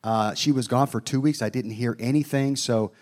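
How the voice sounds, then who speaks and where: A man's voice: medium pitch, moderate pace, a little mellow. A middle-aged man preaching a sermon, telling a personal story in a folksy way, with asides to his listeners.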